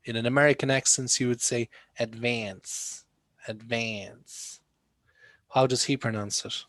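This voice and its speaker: A man leads an online English class at an ordinary mid pitch. He quizzes his students and repeats the key words to coax answers out of them. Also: fairly even intonation, fast talker, a bit bright. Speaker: English teacher. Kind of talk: classroom teaching over video call.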